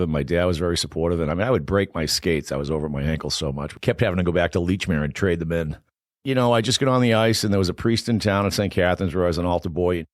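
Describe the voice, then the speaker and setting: An older man in his sixties with a heavy Boston accent, guesting on a podcast and spinning stories in a fast, animated rush. His voice sits very low, and the sound is close and dry, with no room in it. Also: no echo. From Boston, USA. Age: 60s. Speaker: podcast guest, former Olympic hockey player. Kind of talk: casual storytelling interview.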